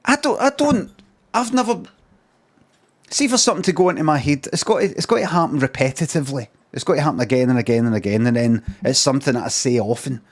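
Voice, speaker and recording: This middle-aged Scottish live streamer launches into a rambling, improvised comic monologue packed with swearing and repeated phrases. His mid-range voice races along with hardly a pause.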